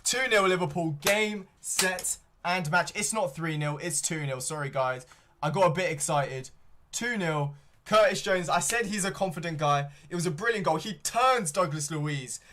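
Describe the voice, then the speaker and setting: A man's voice: fairly high pitch, fairly bright tone. Young man rambling through fan commentary. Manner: rambling play-by-play with many ums and self-corrections. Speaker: fan streamer commentating a match. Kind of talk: live fan watchalong commentary.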